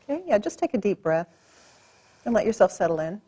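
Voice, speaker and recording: A woman practitioner gently coaching a client through a tapping session, encouraging and calm. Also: mid-range voice, brisk, husky.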